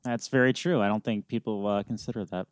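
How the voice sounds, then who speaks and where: A man's voice: lowish voice, steady tone, a little fast, clear, resonant tone, dry recording. A man co-hosting a sports podcast in casual chat, with a dry, understated manner and short agreeing replies.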